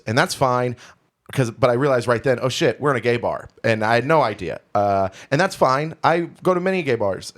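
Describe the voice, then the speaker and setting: A man's voice: medium pitch, a bit bright. A man from Houston, a podcast co-host, telling a candid, rambling, self-deprecating story in casual chat. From Houston, Texas.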